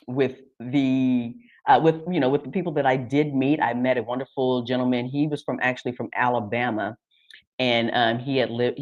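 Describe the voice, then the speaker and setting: An American woman from Texas hosting a casual live stream. She talks in an animated way, with many restarts and fillers. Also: extremely low pitch, highs cut off. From Texas, United States. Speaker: host.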